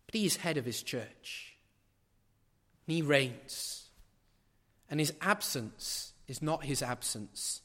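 A man preaching a sermon in a large church, building to loud emphatic peaks with rhetorical questions and repetition, then dropping to quiet asides. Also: fairly high pitch, animated, takes it slowly, pauses often, big-room sound.

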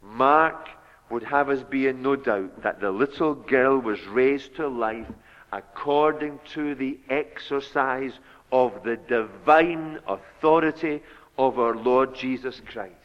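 A man preaching a sermon, slow and deliberate, rising to loud, fervent exhortation. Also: medium pitch. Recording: long hall reverb, dull lo-fi sound.

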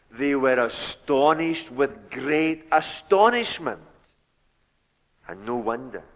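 A man preaching a sermon, slow and deliberate, rising to loud, fervent exhortation. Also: medium pitch. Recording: long hall reverb, dull lo-fi sound.

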